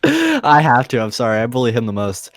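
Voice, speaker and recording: A man's voice: medium pitch, huge pitch swings, a little fast. A young man co-hosting a comedy podcast, teasing and bantering, swearing freely. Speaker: podcast co-host. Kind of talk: casual comedic chat.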